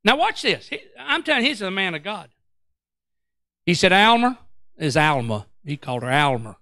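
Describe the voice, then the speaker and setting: A preacher man tells a story from the pulpit, his voice high and bright. He acts out every quote with big swings, breaking off to call out to his church. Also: normal speed, no room sound, clean studio sound. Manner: animated, acts out quotes, Pentecostal call-outs. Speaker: pastor. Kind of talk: storytelling sermon.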